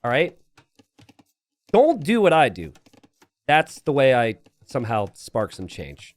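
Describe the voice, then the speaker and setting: A man's voice: medium pitch, huge pitch swings, measured pace, no echo. A man streaming live game commentary from his home setup, rambling into self-deprecating jokes and asides. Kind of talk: live game commentary mixed with casual chat.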